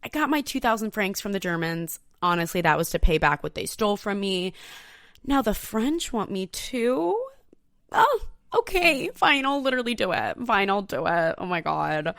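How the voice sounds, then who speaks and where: A woman's voice: mid-range voice, sing-song, normal speed, creaky, a bit bright, no room sound, clean studio sound. Woman putting on a sassy scheming spy. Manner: brash, sassy, cursing.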